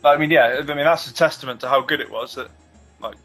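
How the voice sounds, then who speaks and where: A man's voice: medium pitch, quick pace, a bit bright, slightly rough, faint music behind. A man co-hosting a casual podcast, chatty and teasing, with lots of fillers. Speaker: podcast co-host.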